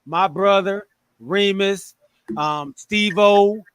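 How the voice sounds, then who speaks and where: Hype host with a bright, dry voice. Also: male voice, high-pitched, drawn-out words, clean tone, no room sound. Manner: hype, energetic greetings. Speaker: podcast host. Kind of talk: casual sports chat with shout-outs.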